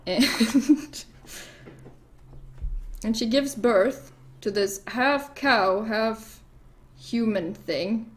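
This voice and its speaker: A woman's voice: a little high, very slow, long pauses. A woman vlogger casually retelling a myth while painting her nails, rambling, swearing freely, laughing and getting distracted.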